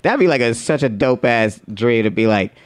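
Animated, profane man telling stories. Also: moderate pace, no echo. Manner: animated, profane, jumps into high voices for quoted people. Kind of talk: casual storytelling chat.

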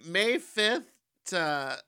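A man co-hosting a podcast in casual chat, quick with asides and giggling often. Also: sits high, big pitch swings, pushed and bright, clear, resonant tone. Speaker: podcast co-host.

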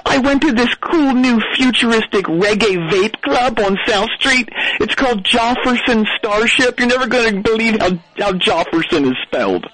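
A man's voice: very high-pitched, lively intonation, moderate pace, few pauses, a bit bright, exaggerated voice, low-quality recording. A man playing a dim-witted, boastful Philadelphia stoner who calls in and rambles through his story in a Philadelphia accent. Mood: rambling boastful. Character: brash dim-witted Philly stoner party guy. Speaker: caller. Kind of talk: comedic call-in character bit.

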